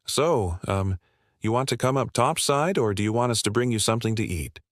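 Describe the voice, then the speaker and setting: A man's voice: medium pitch, brisk, no echo, clean studio sound, close to an everyday voice. A man voicing Gary, a hesitant male coworker who stumbles over filler words.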